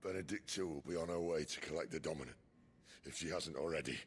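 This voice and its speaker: An actor playing a gruff, weathered older male mentor in a video game, with a blunt, dry way of talking. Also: a bass voice, fast talker, slight background noise. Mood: urgent.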